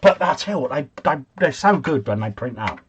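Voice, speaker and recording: A man's voice: a little high, big pitch swings, brisk, a little hiss or hum. A man hosting a casual quiz livestream from home, chatting, chuckling and answering comments from his viewers.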